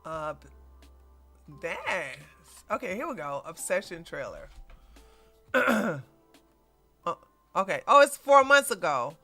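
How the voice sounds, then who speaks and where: A woman hosting a casual commentary livestream, chatty and animated, laughing as she reacts. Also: on the low side, slow pace, pauses often, soft background music. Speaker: livestream host.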